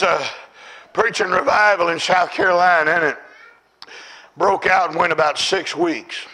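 A man preaching a sermon, telling stories with fervour and often shouting. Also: on the high side, slightly rough, low-quality recording. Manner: fervent storytelling, often shouting.

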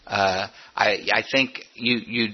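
Older man, husky pastor giving a homespun sermon; muffled lo-fi sound. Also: fairly low pitch, steady tone, takes it slowly. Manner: folksy, conversational preaching with asides and humor. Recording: dull lo-fi sound.

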